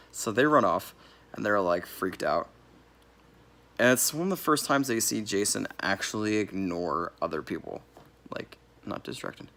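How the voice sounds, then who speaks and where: Rambling through a casual movie review, this man catches and corrects himself along the way, laughing here and there. His voice sits low with a fairly bright tone.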